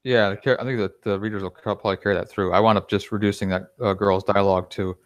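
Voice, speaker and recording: A man hosting a casual interview chat, chatty and rambling, quick to laugh. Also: lowish voice, fairly even intonation, no echo, highs cut off. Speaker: podcast host.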